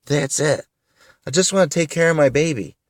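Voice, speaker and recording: A man's voice: on the high side, moderate pace, dry recording. Man, thirties, upset vlog rant, close-miked dry sound, tearful, keeps repeating himself. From upstate New York. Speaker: vlogger. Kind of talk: emotional venting to camera.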